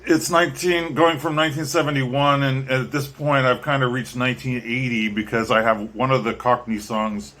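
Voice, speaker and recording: A man's voice: mid-range voice, flat delivery, moderate pace, hardly any pauses, a bit bright. Rambling, hesitant man vlogging. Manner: rambling, hesitant, many ums and restarts. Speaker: vlogger and musician. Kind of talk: casual talk to camera.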